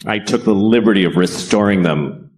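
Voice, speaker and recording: A man's voice: on the low side, moderate pace, darkish tone. A man doing a stand-up comedy routine, profane and sardonic, with rambling rants.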